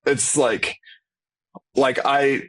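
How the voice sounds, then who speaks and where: Man, casual podcast chat, relaxed, enthusiastic, conference organizer, mid pitch. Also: extremely slow, poor audio.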